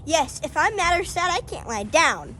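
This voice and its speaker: Woman as wise sheep, earnest, reflective, high-pitched, amateur scripture drama. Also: sing-song, normal speed, bright, forceful tone, a little hiss or hum, heavily acted, poor audio. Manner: earnest, reflective, explains things to the others. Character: thoughtful wise sheep among the flock.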